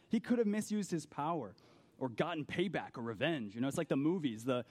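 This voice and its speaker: A man with a slightly high voice preaches a youth sermon. His tone is earnest and conversational. He keeps calling his listeners "guys" and asks them rhetorical questions. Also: very animated, brisk, darkish tone.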